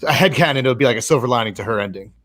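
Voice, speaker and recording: A man talking fast and rambling in a casual livestream discussion, peppering his speech with "like". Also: medium pitch, lively intonation, fairly bright tone, no room sound. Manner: rapid, rambling, lots of "like". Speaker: podcast co-host.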